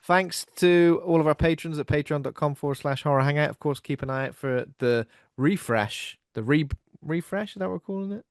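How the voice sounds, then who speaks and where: A man's voice: fairly high pitch, brisk, hardly any pauses, no room sound, clean studio sound. A man hosting a horror podcast, chatting casually in an upbeat way with lots of fillers. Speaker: podcast host.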